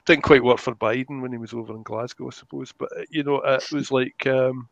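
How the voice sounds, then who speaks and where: Gravelly man, dry close sound. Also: medium pitch, steady tone, a little fast, no echo, muffled recording. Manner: rambling, searching for words. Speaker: guest comic creator. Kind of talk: casual podcast chat.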